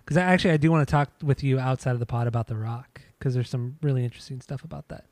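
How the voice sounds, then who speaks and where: Laid-back, enthusiastic podcast host. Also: male voice, medium pitch, fairly even intonation, rapid-fire, darkish tone, no echo. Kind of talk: casual chat.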